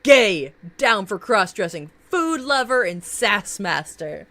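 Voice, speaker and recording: Animated, gushing woman streamer. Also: mid-range voice, slow pace. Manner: gushing, swears freely, laughs often. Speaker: live streamer. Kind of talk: casual live-stream chat.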